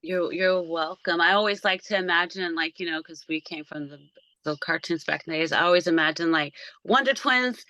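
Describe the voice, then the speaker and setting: A woman's voice: fairly low pitch, a little fast, no echo. A woman hosting a casual video-call conversation from a small backyard shed, telling stories animatedly and acting out the voices in them. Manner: animated storyteller, acts out quoted voices. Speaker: podcast host.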